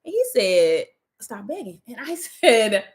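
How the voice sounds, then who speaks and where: Woman spilling a story to a friend, kinda high voice, cusses a lot, does all the quotes. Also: a little slow. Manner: animated, swears freely, acts out quoted lines. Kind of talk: casual chat.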